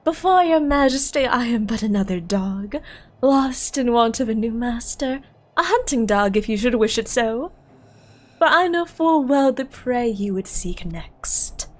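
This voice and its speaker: A woman voicing a scheming man who offers himself as a loyal hunting dog, in a lowered, theatrical delivery. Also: expressive, a little slow. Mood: sly.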